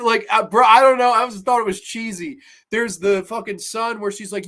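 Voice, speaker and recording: This high, steady, slightly bright male voice moves briskly with few pauses. He hosts a laid-back horror-episode review show, rambling profanely with plenty of fillers and doing over-the-top impressions of characters.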